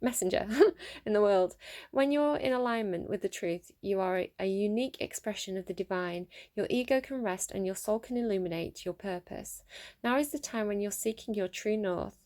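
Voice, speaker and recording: A young woman runs a casual tarot reading, chatty and excitable. She laughs often and breaks into the card texts she reads aloud. Her voice sits at an ordinary middle pitch for a woman. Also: moderate pace. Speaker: tarot reader.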